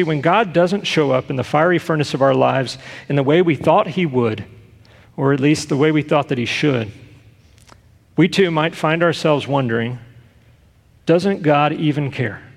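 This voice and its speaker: Man, pastor, sermon, gravelly, earnest, rhetorical questions, long hall reverb. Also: a little high, moderate pace. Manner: earnest, rhetorical questions, rises to loud emphasis.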